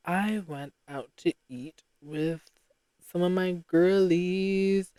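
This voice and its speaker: A young woman from Rhode Island hosting a casual solo podcast, rambling and self-deprecating with sudden bursts of excitement. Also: fairly low pitch, takes it slowly, clear, resonant tone, no echo. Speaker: podcast host.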